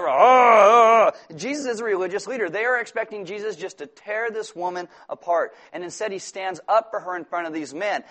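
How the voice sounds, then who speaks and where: A man with a high-pitched voice preaches a sermon. He keeps it lively with humorous asides and banter toward his congregation. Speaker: pastor.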